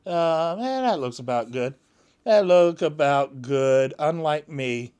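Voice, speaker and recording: A man's voice: a little high, expressive, slow pace, darkish tone, clean tone. A man vlogging casually at home, rambling with lots of fillers and restarts. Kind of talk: casual chat to camera.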